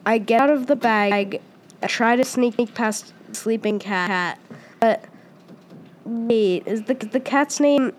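A woman reading a first-person story aloud as its storyteller, pausing and restarting often with repeated words. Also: on the high side, slight background noise.

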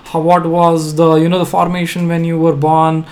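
A young man speaks as a guest on a relaxed podcast. He explains things earnestly and often repeats a word or two as he gets a sentence going. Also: a little high, normal speed. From India. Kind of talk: casual conversation.

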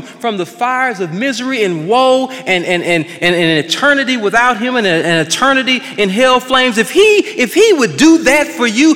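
A male pastor preaching an impassioned sermon, swinging between loud declarations and hushed passages. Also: sits high, in a large hall.

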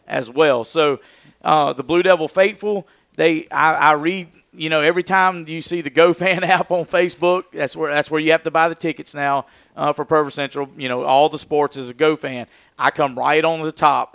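Man, local sports caller, gravelly and smooth, folksy rambling talk, dry close sound. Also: a little high, fairly even intonation, normal speed, fairly bright tone, no echo. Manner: folksy, rambling, laughs easily. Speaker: sports broadcaster. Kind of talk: casual radio talk.

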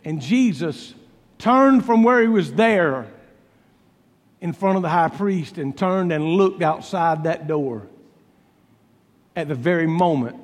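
A man preaching a sermon, telling a Bible story dramatically and acting out its dialogue with swings between loud and soft. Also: fairly high pitch, lively intonation, slow, long pauses, in a large hall. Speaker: pastor.

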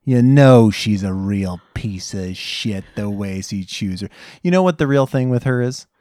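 Thirties male co-host, quick wry humor, casual delivery, dry close mic. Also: on the low side, expressive, warm tone, dry recording. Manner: joking, wry asides. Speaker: podcast co-host. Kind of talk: casual chat.

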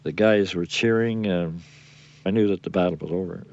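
An older man, a war veteran, recalling events in an interview with halting speech and frequent pauses for words. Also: sits low, darkish tone, no echo. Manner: halting, searching for words with many fillers. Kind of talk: recollection in interview. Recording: muffled lo-fi radio recording.

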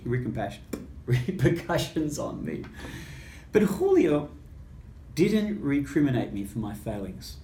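A man's voice: medium pitch, a little mellow, slight background noise. A male priest tells a personal story with a voice that rises and falls freely. He acts out the quoted dialogue. The recording has a roomy echo and a faint room ambience underneath. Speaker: Catholic priest.

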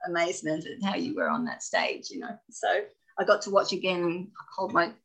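A middle-aged woman, a former dancer, telling stories as an interview guest, animated and laughing often. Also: lowish voice, fairly quick, poor audio. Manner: animated, laughs often, acts out voices in anecdotes. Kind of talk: casual storytelling.

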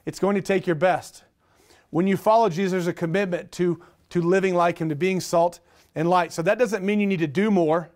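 A middle-aged man preaching a sermon, energetic, with rhetorical questions and repeated phrases. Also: sits high, brisk. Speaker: pastor.

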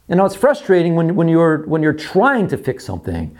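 A man preaching a sermon, repeating his phrases and acting out quoted voices, dropping to quiet lows. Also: huge pitch swings, brisk. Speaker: pastor.

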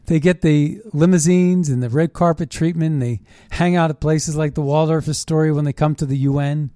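A man's voice: fairly high pitch, no echo, clean studio sound. Indignant man ranting politics. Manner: animated, indignant, sarcastic ranting. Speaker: political commentary host. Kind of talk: opinionated political monologue.

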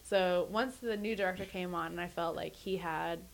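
A woman talking in a relaxed podcast chat, a museum educator telling laughing stories and acting out quoted voices. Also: on the low side, normal speed, creaky, a little hiss or hum. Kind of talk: casual chat.

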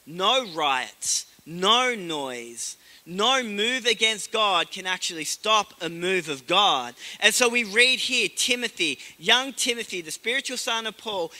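Acting out each character's voice, a man tells a story lively in his sermon as a pastor. His voice is high-pitched, and the recording trails a long reverb tail.

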